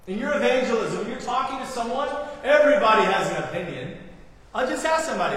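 A man's voice: sits high, sing-song, a little fast, a bit bright. A man preaching a sermon as pastor, earnestly calling the listeners beloved and asking them rhetorical questions. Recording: echoey hall from far off, faint ambience.

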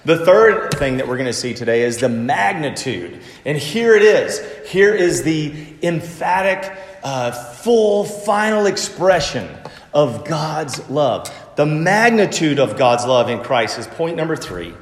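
Male pastor, slightly high voice, slow deliberate sermon, echoey sanctuary. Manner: slow, emphatic preaching with lively swings between loud and soft.

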